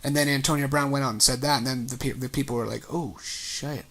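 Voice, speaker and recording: A man's voice: mid-range voice, steady tone, rapid-fire, fairly bright tone. A man co-hosting a casual sports podcast, rambling and joking with sarcastic asides. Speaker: podcast co-host.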